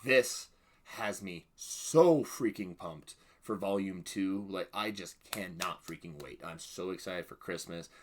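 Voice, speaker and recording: A man hosting a reaction and review video, excitable and prone to loud exclamations. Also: low voice, unhurried. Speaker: reaction channel host.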